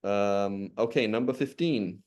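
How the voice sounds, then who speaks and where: Teaching an Arabic language class live online, a man patiently asks questions and repeats key points. His voice is fairly low, a little slow and a little mellow.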